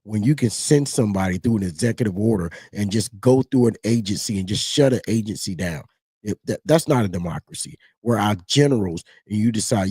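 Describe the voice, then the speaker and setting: A man gives casual political commentary, rambling and animated. His voice is husky and mellow. The sound is dry and close. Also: on the low side, a little fast, dry recording. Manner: animated, rambling, mocks others in put-on voices.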